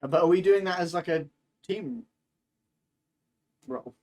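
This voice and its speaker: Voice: medium pitch, a little slow, darkish tone. Giggly tabletop player. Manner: giggly, laughing often. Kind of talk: casual game chat.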